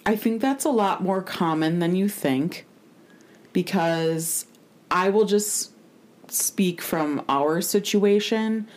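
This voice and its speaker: Give me a young woman slowly recapping a show in casual chat, low-pitched and rambling. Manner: rambling, laughs often. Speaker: podcast host.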